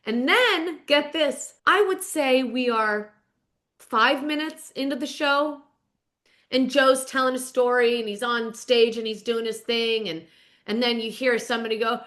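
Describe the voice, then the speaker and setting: Speaking at normal speed, this podcast host tells her tale with a fairly bright, high-leaning voice. She's a middle-aged woman, chatty and emphatic, who keeps calling out "you guys" to her audience during casual storytelling commentary.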